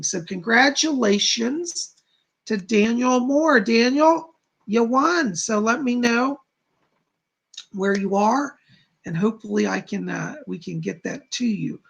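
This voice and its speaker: Man, middle-aged, psychic live-stream host, casual rambling chat, heavy vocal fry, raspy tone. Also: high-pitched, moderate pace, a bit bright, muffled recording. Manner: rambling, chatty, reads out viewer comments.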